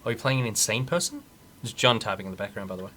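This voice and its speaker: A man with a fairly low, expressive voice talks in a rapid-fire, pushed, bright way. He's streaming a video game, chatting casually, reading the on-screen text aloud and reacting with jokes, all in casual live gameplay commentary.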